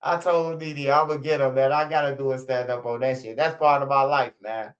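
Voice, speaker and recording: A man on a live stream, telling stories and commenting in a profane, animated way. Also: medium pitch, a little fast. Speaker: streamer commenting on street news. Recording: dull lo-fi stream audio.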